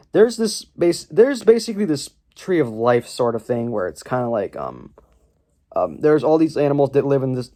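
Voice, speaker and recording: A man reviews a film at home in a loose, sarcastic ramble packed with ums. His pitch swings widely. He talks into a camera propped on his legs. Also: a little mellow.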